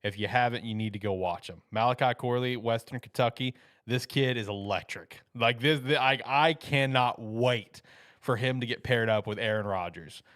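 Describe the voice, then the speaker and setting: A man's voice: mid-range voice, normal speed, a bit bright, dry recording, studio quality. A man co-hosting a football show, talking enthusiastically and emphatically about draft picks in casual chat.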